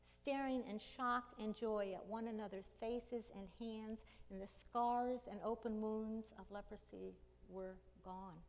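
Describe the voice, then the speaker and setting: A woman preaching a sermon, retelling a story dramatically and slowly, with emphatic cries in the quoted lines. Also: medium pitch, a little mellow. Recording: long hall reverb.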